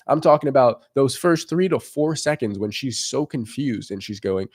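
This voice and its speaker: A young man in a casual coaching monologue about approaching women. He talks with animated energy, throws in offhand swearing, and keeps checking in with his listener. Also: mid-range voice, normal speed, hardly any pauses. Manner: animated, acts out quoted lines, swears casually. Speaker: dating coach.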